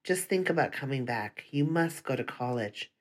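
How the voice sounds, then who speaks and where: A reader playing an older female schoolteacher, earnest and encouraging. The pitch is in the middle range and the tone is gentle but firm. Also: animated, moderate pace, close to an everyday voice.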